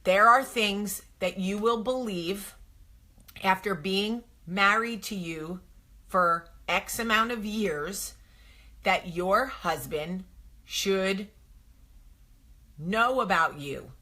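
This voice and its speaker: A woman's voice: mid-range voice, slow, long pauses, sharp tone. A woman in her thirties giving casual marriage advice to camera, emphatic and repetitive, acting out little quoted exchanges. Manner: emphatic, repeats points, acts out quotes.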